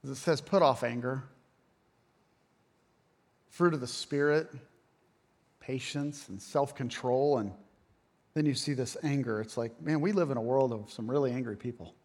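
A man in his thirties preaching a sermon, loud and animated, telling stories with self-mocking humor. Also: mid-range voice, normal speed, pauses often. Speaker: pastor. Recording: long hall reverb.

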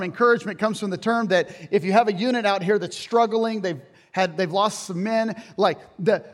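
A man with a slightly high voice preaches a lively, folksy sermon, moving between earnest points and joking asides. His voice carries a long reverb from a church sanctuary. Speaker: pastor.

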